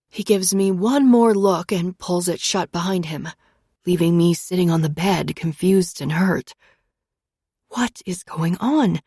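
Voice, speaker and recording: A woman's voice: fairly low pitch, darkish tone, breathy edge, no echo, studio quality. A woman narrating a first-person romance audiobook in an intimate, emotional storytelling manner.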